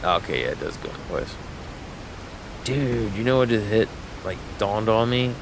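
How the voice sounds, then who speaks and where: Low-voiced rambling male streamer. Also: animated, moderate pace, noisy background. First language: English. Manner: rambling, full of fillers and restarts. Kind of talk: casual livestream chat while gaming.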